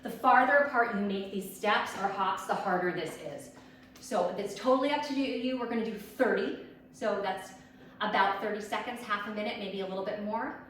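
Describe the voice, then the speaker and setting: A woman's voice: mid-range voice, normal speed, a bit bright, a little hiss or hum. A woman fitness instructor leading a workout, upbeat and out of breath as she counts reps and coaches. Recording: echoey room, distant mic.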